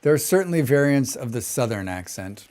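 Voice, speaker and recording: A man streaming a game, talking in a relaxed, rambling way with a flat General American accent. His voice is smooth and clean, sitting at an ordinary middle pitch. Between thoughts he hums and scats little tunes to himself. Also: brisk. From western United States. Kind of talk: casual chat while gaming and reading chat.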